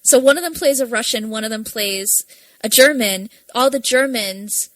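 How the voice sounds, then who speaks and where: A woman's voice: a little high, normal speed, a bit bright, dry recording, poor audio. A young woman co-hosting a casual podcast, chatty and profane, laughing often. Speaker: podcast co-host. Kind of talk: casual chat.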